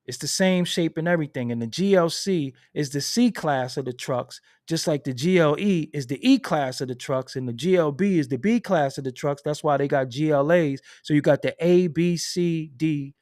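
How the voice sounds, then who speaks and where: A man from Brooklyn with a New York accent, hosting a casual commentary monologue, telling stories in an animated, profane, streetwise way. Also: on the high side, moderate pace, hardly any pauses, no echo, studio quality. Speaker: channel host. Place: at home at his computer.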